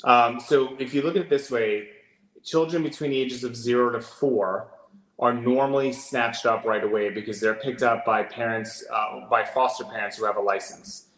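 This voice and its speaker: A man's voice: medium pitch, fairly even intonation, normal speed, a bit bright. A man who runs an adoption agency, answering interview questions in an earnest, explanatory way with frequent ums. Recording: roomy echo.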